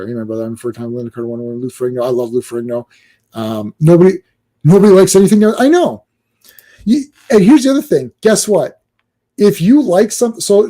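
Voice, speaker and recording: Man, podcast co-host, casual chat, mellow tone, animated, mocking put-on voices. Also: fairly high pitch. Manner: animated, mimics fans in mocking quoted voices.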